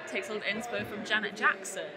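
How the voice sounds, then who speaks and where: A woman's voice: medium pitch, steady tone, quick pace, a loud crowd. A woman explaining details plainly in a casual interview chat. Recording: loud background noise.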